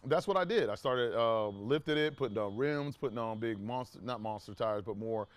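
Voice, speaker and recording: With an animated, mid-range voice and a moderate pace, this man chats to his viewers about something that happened to him, wandering off into asides and restarting sentences. Quoted talk gets acted out loudly, and the audio has no echo.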